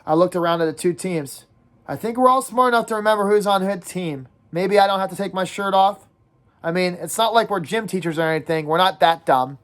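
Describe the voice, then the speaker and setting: A woman teacher reading a novel aloud in first person to her class, pausing to talk to her students and ask them questions. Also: on the low side.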